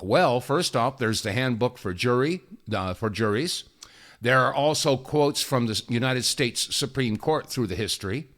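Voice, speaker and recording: A man's voice: mid-range voice, fairly bright tone. A man hosting a talk radio show, delivering an emphatic, opinionated monologue with folksy asides and repeated phrases.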